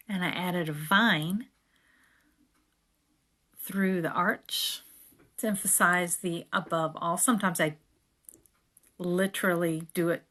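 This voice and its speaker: A woman casually explaining her journaling steps as she works, now and then slowly reading verses aloud. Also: lowish voice. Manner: relaxed, chatty, reads verses aloud slowly. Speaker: creator. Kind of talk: casual craft tutorial narration.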